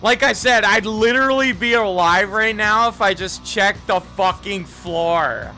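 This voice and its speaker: A man's voice: high-pitched, unhurried, pushed and bright, soft background music. A young man chatting casually on a live game stream, rambling, self-critical and swearing often.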